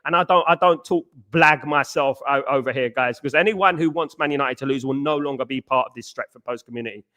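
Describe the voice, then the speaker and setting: A man's voice: medium pitch, fast, bright, forceful tone. A man hosting a fan live stream, reading out chat comments in a blunt, repetitive, casual way, often calling people "mate". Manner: blunt, repetitive, peppers talk with "mate" and "big up".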